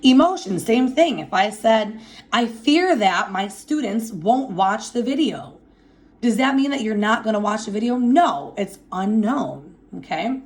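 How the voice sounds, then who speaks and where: A woman teaching a grammar lesson in a classroom, slowing down to stress her example sentences and checking in with "okay?". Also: on the high side, lively intonation. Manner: slow and emphatic when reading example sentences; checks understanding with frequent "okay?". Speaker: Spanish teacher. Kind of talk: classroom lecture.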